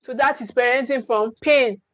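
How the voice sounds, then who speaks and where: Woman, parent coach, emphatic and repetitive, slightly high voice. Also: fairly even intonation, moderate pace, a bit bright, dry recording, low-quality recording. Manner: emphatic, repetitive restarts, acts out scolding parents. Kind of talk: teaching talk to camera.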